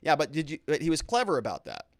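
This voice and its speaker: A man's voice: fairly high pitch, wildly swooping pitch, quick pace, dry recording, clean studio sound. A man hosting a live-stream show, reading viewer comments aloud and answering them in a chatty, unscripted way with frequent restarts.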